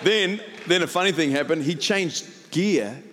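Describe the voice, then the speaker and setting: A middle-aged male pastor, telling a story in a sermon, laughing often and building to shouts. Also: a little high, lively intonation, unhurried, big-room sound, a little hiss or hum.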